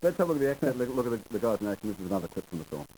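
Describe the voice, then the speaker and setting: A quick-talking Australian man hosts a TV talk show and fires off probing questions. His voice is low and dark. He restarts often and piles on examples. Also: big pitch swings, slight background noise, rough recording. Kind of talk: TV interview.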